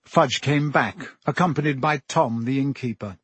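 A man narrating a storybook in a measured, even manner as an audiobook reader. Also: mid-range voice, slightly rough, dry recording.

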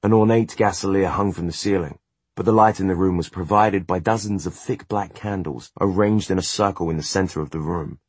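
A man narrating a fantasy audiobook in a measured, even storytelling manner. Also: sits low, husky, no room sound. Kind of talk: scripted narration.

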